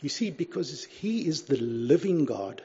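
A man's voice: fairly high pitch, animated, measured pace, warm tone, slightly rough. A man preaching a sermon in an earnest, conversational way, often saying "you see" and reading scripture aloud. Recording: dull lo-fi recording.

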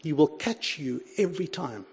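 A man's voice: a little high, lively intonation, normal speed, breathy edge. A man preaching a sermon in an earnest, conversational way, often saying "you see" and reading scripture aloud. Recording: dull lo-fi recording.

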